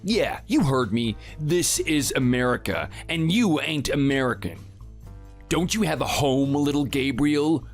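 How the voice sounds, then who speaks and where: A man's voice: medium pitch, animated, unhurried, soft background music. A man voicing a boastful, muscle-bound bully who taunts his neighbor, read in a synthetic texting-story style. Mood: taunting. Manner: taunting, sneering. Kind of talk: text-to-speech texting story.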